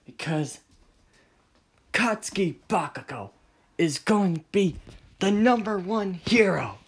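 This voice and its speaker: A storyteller voicing an arrogant, hot-headed teenage boy who shouts and boasts at a classmate. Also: medium pitch, steady tone, extremely slow. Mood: scornful.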